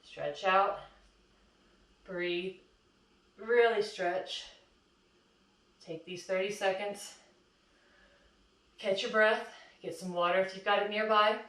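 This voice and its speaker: A woman's voice: medium pitch, fairly even intonation, slow, pauses often, fairly bright tone. Woman, fitness instructor, out of breath, encouraging, counting reps, roomy echo. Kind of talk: workout coaching. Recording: echoey room, far from mic.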